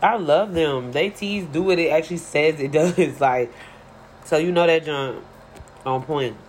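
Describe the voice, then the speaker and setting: A woman's voice: sits low, measured pace, darkish tone, a little hiss or hum. A woman hosting a podcast in a casual, chatty and playful way, often laughing as she talks. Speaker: podcast host. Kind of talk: casual chat.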